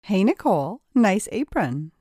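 A woman's voice: medium pitch, very animated, a little slow, warm tone, breathy edge, dry recording, studio quality. A woman voicing a scheming young woman who taunts and mocks with smug confidence. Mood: taunting. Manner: taunting, mocking.

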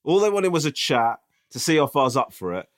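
A man with a lively, bouncing pitch, recounting an anecdote in loose, profane podcast chat. He keeps checking in with his listener as he talks. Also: fairly quick. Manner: animated, swearing, tag questions. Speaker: podcast co-host. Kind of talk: casual storytelling chat.

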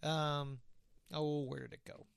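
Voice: medium pitch, flat delivery, takes it slowly, gravelly, background noise. A podcast co-host in casual chat, sardonic and teasing, swearing freely.

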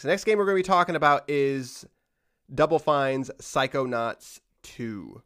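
A man's voice: mid-range voice, measured pace, fairly bright tone. Rambling man hosting a casual podcast. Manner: rambling, with frequent restarts and trailing-off asides. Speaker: podcast host.

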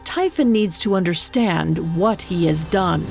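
A woman's voice: fairly low pitch, lively intonation, measured pace, vocal fry, a little mellow, faint music behind. A woman narrator voicing a stern primordial earth mother goddess, speaking in a grave, commanding way.

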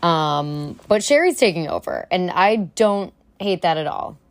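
Low-voiced gossipy woman podcaster. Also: unhurried, no room sound. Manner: gossipy, animated, swears casually. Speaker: podcast host. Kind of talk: casual solo podcast chat.

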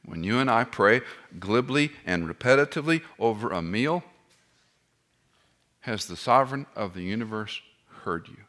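Impassioned pastor, bright and lively. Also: male voice, on the low side, moderate pace. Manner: impassioned, swings from loud cries to hushed near-whispers; self-deprecating asides. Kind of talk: sermon.

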